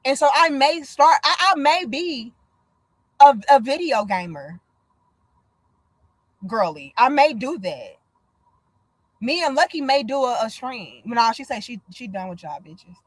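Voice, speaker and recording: A woman's voice: sits high, measured pace, long pauses, no room sound. A woman in her thirties, from the United States, hosting a casual livestream chat, blunt and profane, telling stories with lots of energy. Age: 30s. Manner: blunt, profane, animated storytelling. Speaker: livestream host.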